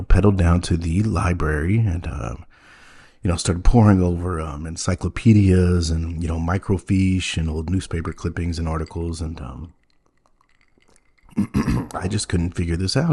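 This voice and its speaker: A man with a low, mellow voice and a husky edge tells a comedy story in a deadpan, wide-eyed way. He halts often, filling gaps with ums and you-knows as he plays it earnest. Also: normal speed. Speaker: podcast host playing a naive character.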